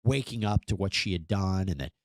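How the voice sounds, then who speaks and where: A man's voice: low-pitched, a little fast, no room sound, clean studio sound. A man hosting a true-crime news commentary, narrating in a skeptical, wry manner. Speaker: host.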